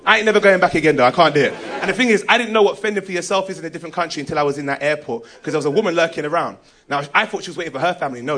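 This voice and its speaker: A man doing stand-up, telling an animated story. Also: high voice. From England. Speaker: stand-up comedian.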